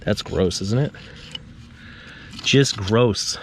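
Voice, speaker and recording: A man's voice: fairly low pitch, very slow, very noisy. A man vlogging casually outdoors on a suburban street, chatting to viewers with joking asides. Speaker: trash-picking vlogger. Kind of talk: casual vlog talk to camera.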